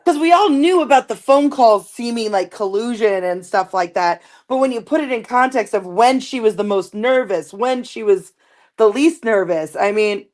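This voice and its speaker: A woman's voice: on the high side, normal speed, a little mellow. A woman guest researcher in a casual true-crime chat, rambling with many filler words.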